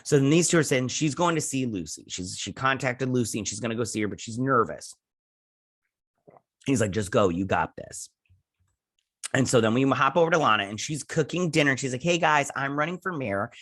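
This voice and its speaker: A man's voice: medium pitch, brisk. A man hosting a casual episode review, rambling through the plot with lots of fillers and quoted "he's like" lines. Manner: voices characters' lines in a flat retelling tone.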